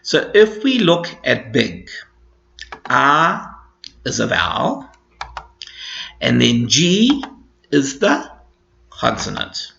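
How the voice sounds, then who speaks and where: Man, grammar teacher, gravelly voice, slow patient explaining, dull lo-fi recording. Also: mid-range voice, wildly swooping pitch, bright, forceful tone. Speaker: English teacher. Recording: echoey room, dull lo-fi sound.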